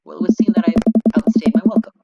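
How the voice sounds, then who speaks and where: A man's voice: high voice, wildly swooping pitch, quick pace, gravelly, mellow, husky, faint music behind, voice pushed up, heavily acted. A man voicing a haughty, pompous man in Victorian coattails who talks in a prim, formal way.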